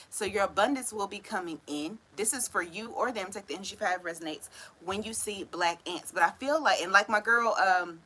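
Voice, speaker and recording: A female tarot reader gives a casual reading in a chatty, slangy style, peppered with "right?" tag questions and frequent laughter as she tells stories. Her voice is mid-range, with background noise present.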